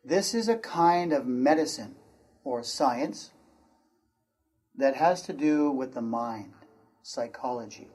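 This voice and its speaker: Slow, deliberate American English teacher. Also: male voice, medium pitch, animated, darkish tone, husky. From United States. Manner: slow, deliberate, repeats words for learners. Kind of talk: pronunciation lesson.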